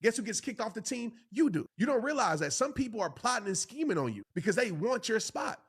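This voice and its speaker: A man's voice: high voice, very animated, brisk, breathy edge. A man hosting a motivational podcast, preaching to listeners in an emphatic voice and repeating phrases for stress. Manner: addresses listeners directly as "y'all" and "bro". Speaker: podcast host and motivational speaker.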